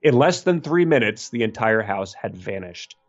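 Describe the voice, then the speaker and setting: A man's voice: lowish voice, sing-song, moderate pace, lo-fi sound. A man co-hosting a casual book podcast, rambling and joking and laughing often. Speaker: podcast co-host.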